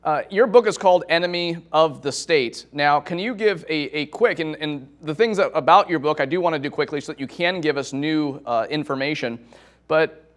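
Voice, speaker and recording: Host: man, slightly high voice, rambling questions, stammers. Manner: halting, stammering, loose phrasing. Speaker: interview host. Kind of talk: interview questions.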